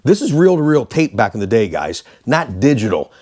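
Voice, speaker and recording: A man, a former radio DJ, casually telling stories to the camera, animated and quick to laugh. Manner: animated, mimics callers in high voices, laughs often.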